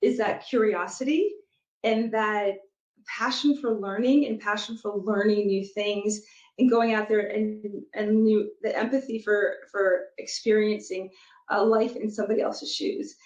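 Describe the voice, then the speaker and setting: Woman guest, considered and halting, echoey muffled remote audio. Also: medium pitch, steady tone, darkish tone. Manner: thoughtful, many ums and restarts. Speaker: guest, product leader and youth soccer coach. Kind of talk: conversational interview answers.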